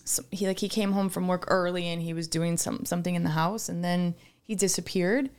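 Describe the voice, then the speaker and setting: A woman's voice: fairly low pitch, fairly even intonation, brisk, a little mellow, clear, resonant tone. A woman co-hosting a podcast, chatting casually, gushing and rambling through stories. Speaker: co-host. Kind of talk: casual chat.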